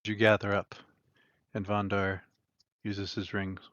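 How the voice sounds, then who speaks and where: A man's voice: lowish voice, completely flat delivery, a little slow, a bit bright, dry recording, highs cut off. A man running a tabletop game as game master, narrating casually with many fillers.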